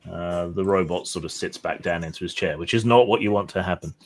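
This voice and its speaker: Low-voiced male game master. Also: a little fast. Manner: relaxed narration with frequent fillers. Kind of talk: narrating a tabletop game.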